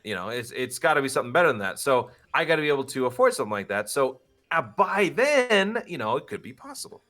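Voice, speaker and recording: A man's voice: medium pitch, sing-song, fast talker, fairly bright tone, faint music behind. A man, a voice actor and podcast guest, chatting casually in long, musing stretches. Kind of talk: casual chat.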